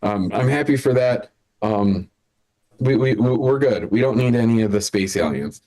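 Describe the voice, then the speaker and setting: A man's voice: on the low side, lively intonation, normal speed, dark tone. Man hosting a live online comedy show, loose and rambling, chuckles at his own bits. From Chicago area. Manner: rambling, self-interrupting, laughs at own jokes. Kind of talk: casual hosting banter on a video call.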